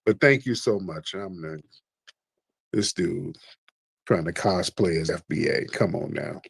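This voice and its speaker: A man's voice: deep voice, a little slow, creaky, husky, no room sound. A man hosting a casual call-in show, slangy and teasing, who laughs often. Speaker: talk show host.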